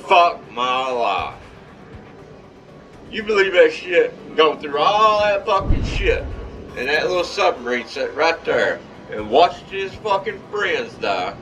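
A man giving excitable, profane, trash-talking commentary over his own gameplay. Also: a little high, measured pace, far from the mic, soft background music.

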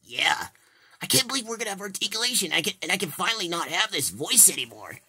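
A man's voice: sits high, very animated, quick pace, bright, forceful tone, breathy edge, full character voice. A man voicing a curious cartoon toy character in a fan toy play, full of questions.

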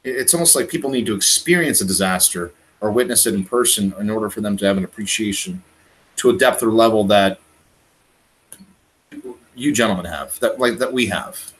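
A man from Canada talking in a casual prepping chat, animated and emphatic, often repeating words. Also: fairly low pitch, a little fast, poor audio. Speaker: guest on a prepping livestream.

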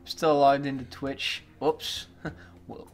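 A male streamer chatting to his viewers during a party game. He talks slowly and lazily, with easy chuckles. His voice sits at an ordinary middle pitch. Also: little pitch movement, faint music behind. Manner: laid-back, chuckling, talks to chat. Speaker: streamer host. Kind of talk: casual game stream chat.

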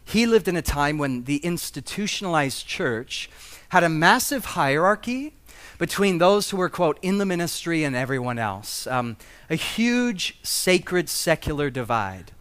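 A man's voice: fairly high pitch, very animated, measured pace, a bit bright, clean tone. A man preaching a conversational sermon as pastor, with humorous asides and rising emphasis.

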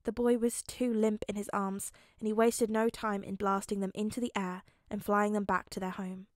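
A woman narrating a fan fiction audiobook with clear, steady storytelling. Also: mid-range voice, normal speed, no echo, clean studio sound. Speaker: podfic reader.

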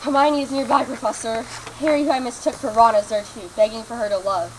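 A woman's voice: a little high, steady tone, fast, a little hiss or hum, close to an everyday voice, rough recording. A woman playing a sly, mischievous servant sprite who enjoys chaos. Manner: sly, amused.

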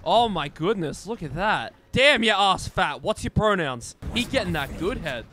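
A young man streaming a game, joking, swearing and shouting excitedly as he plays. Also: high-pitched, normal speed, a little hiss or hum. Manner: loud, excitable, swears a lot, jokey. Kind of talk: gaming commentary.

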